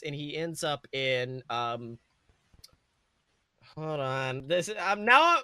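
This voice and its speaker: A man's voice: a little high, pushed and bright, no room sound. A young man hosting a podcast, rambling through a comedic fan-fiction retelling with fillers and self-corrections. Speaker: podcast host.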